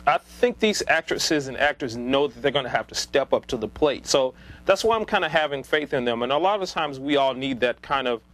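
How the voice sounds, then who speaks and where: A man's voice: mid-range voice, a bit bright, poor audio. A man talking casually about a casting choice, rambling with lots of ums, uhs and restarts. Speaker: movie commentator. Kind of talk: casual unscripted opinion vlog.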